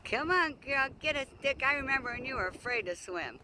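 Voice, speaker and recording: A man's voice: very high voice, lively intonation, fairly quick, pushed and bright, a little hiss or hum. A man walking his dog outdoors by a lake, coaxing and teasing it in playful baby talk as he films on a handheld phone. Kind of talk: casual chat to a dog.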